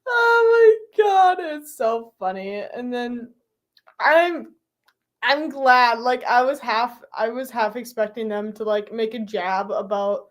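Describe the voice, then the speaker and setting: A woman's voice: on the high side, takes it slowly. A young woman streaming live, chatting casually with her viewers, giggly and full of fillers.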